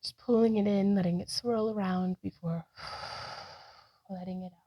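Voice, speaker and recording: Woman, yoga vlogger talking through poses, out of breath, breathy with sighs, mellow tone, dry close sound. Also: medium pitch, steady tone, measured pace, dry recording, rough recording. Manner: breathy, sighing between cues; upbeat, self-encouraging. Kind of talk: guided yoga practice narration.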